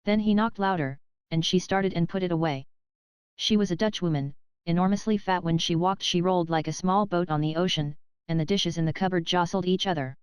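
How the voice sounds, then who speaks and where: A woman reading a classic novel aloud as an audiobook narrator, in a steady, measured way. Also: fairly low pitch, clean tone, dry recording. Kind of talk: scripted narration.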